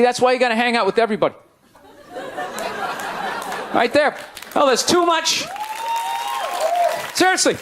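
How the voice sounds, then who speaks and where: Male stand-up comic, forties, loud sarcastic rant delivery, high-pitched voice, live room with faint crowd noise. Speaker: stand-up comedian. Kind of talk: stand-up routine. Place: comedy stage before a live audience. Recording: live show with crowd laughter.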